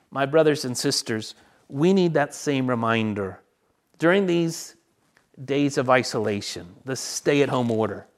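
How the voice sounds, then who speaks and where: A middle-aged male pastor giving a sermon, earnest, often dropping to a soft voice to repeat a phrase for emphasis. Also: on the high side, normal speed.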